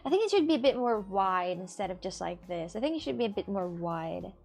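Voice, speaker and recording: A woman's voice: mid-range voice, sing-song, brisk, vocal fry, darkish tone, faint music behind. A woman making clay crafts on a live stream, rambling and repeating herself as she talks to her viewers, with a lilt. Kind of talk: casual live-stream chat.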